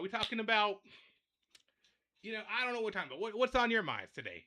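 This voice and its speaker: A young man hosts a livestream, ranting and rambling repetitively in a fed-up way as he speaks directly to his viewers. His voice sits high and sing-song, fast and sharp-toned.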